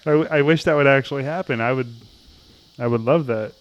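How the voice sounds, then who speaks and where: A man's voice: medium pitch, brisk, highs cut off. A man in his forties with a Texan accent, a father co-hosting a casual podcast, joking at his own expense. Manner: joking, self-deprecating. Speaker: podcast co-host. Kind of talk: casual chat.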